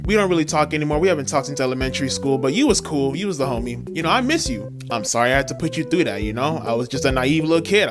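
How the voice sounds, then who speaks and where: A young man in his twenties telling a funny childhood story in a slangy, emphatic way, with music behind him. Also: a little high. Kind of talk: storytime vlog. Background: background music.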